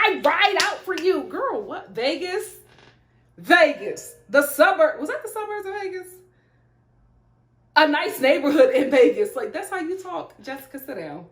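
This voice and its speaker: A woman's voice: sits high, fairly bright tone, reverberant. A woman reviewing a TV show in blunt, sassy casual chat, talking straight to her viewers.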